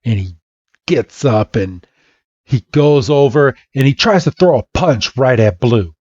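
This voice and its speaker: A man hosting a podcast, casually retelling a story and acting out every character in an animated way. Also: medium pitch, measured pace, dry recording. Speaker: podcast host. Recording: dull lo-fi dry podcast mic.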